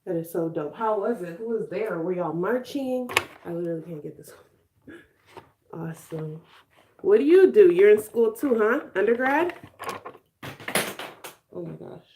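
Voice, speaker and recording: A woman's voice: medium pitch, animated, moderate pace, long pauses, noisy background. Chatty young woman streaming from home. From Chicago. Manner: chatty, laughs often, reads and answers comments. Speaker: vlogger live streaming to viewers. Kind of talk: casual chat while doing makeup.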